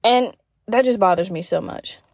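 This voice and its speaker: A woman's voice: medium pitch, moderate pace, darkish tone, no room sound, clean studio sound. A young woman hosting her own podcast, chatting casually and animatedly with listeners and swearing freely as she talks. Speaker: podcast host. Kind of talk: casual solo podcast chat.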